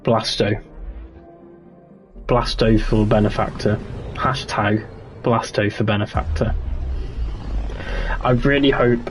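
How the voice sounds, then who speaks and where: A young man streaming a game, chatting in a relaxed, rambling way and answering his chat as he plays. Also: fairly low pitch, slow pace, pauses often, soft background music. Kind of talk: casual livestream chat.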